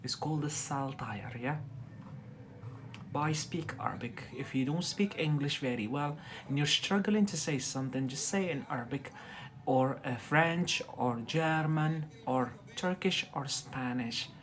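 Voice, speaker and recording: A man from Algeria, giving a live-streamed English lesson, talking deliberately and checking in with "yeah?" after most phrases. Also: on the high side, slight background noise. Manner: deliberately slow, frequent "yeah?" check-ins. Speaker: English tutor livestreamer.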